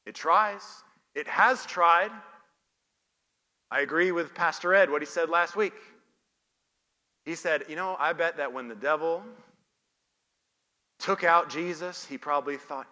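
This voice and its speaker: A man's voice: on the high side, measured pace, pauses often, sharp tone, big-room sound. A man preaching a sermon as pastor, reading scripture and firing off rhetorical questions that he answers himself.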